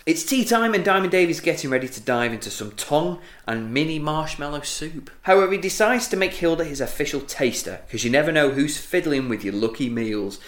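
A man's voice: on the high side, lively intonation, brisk, few pauses, a bit bright. A man co-hosting a podcast, recapping an episode in a casual, playful way with jokey asides. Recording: roomy echo.

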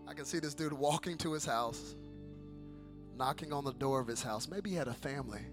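A male pastor preaching a sermon in a church service, dropping to hushed storytelling and then building to shouted calls for the congregation to answer back. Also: mid-range voice, normal speed, over music. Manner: call-and-response with the congregation.

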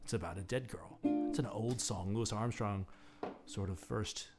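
A man hosting a show, telling a personal street-music story in a relaxed, reflective way. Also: fairly low pitch, measured pace. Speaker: podcast host and street musician. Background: plucked guitar music.

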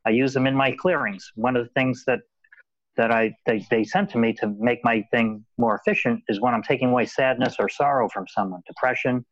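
A man's voice: medium pitch, steady tone, brisk, no echo. A man talking in a loose, rambling way, stumbling over repeated words as he goes. The sound is dull and lo-fi, with little room around it. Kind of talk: casual conversation. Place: Los Angeles.

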